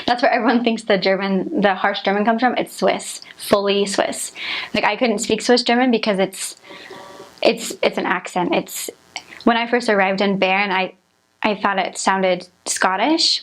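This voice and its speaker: A woman's voice: mid-range voice, low-quality recording. A young woman in casual chat, talking in a loose, rambling way with many likes and restarts.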